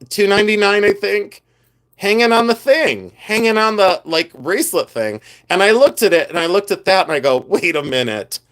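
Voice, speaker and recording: A man hosting a casual livestream about jewelry, chatty and animated, rambling with many fillers. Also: fairly high pitch. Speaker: jewelry designer and livestream host.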